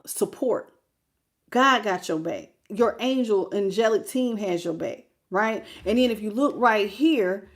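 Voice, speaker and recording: A woman hosting a live tarot reading, preaching about God and greeting viewers by name. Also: fairly high pitch.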